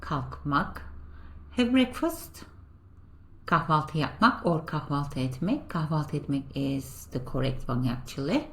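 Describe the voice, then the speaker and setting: A woman with a fairly low voice runs a beginner language lesson. She talks patiently and step by step, checking in with "right?" as she goes, and she slows right down to model each new phrase. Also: expressive. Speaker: language teacher.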